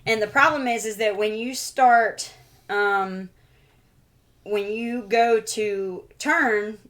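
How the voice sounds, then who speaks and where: A woman co-hosting a homestead chat show, telling a story in a lively way, laughing often and acting out the voices she quotes. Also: medium pitch, slow. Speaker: co-host of homestead Q and A.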